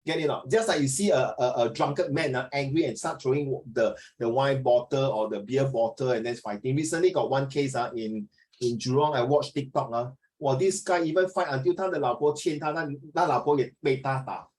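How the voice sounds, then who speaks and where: A middle-aged man with a Singaporean English accent, teaching an online class over a video call. He tells stories in a chatty, animated way and slips into Mandarin. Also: mid-range voice, a little fast, rough recording.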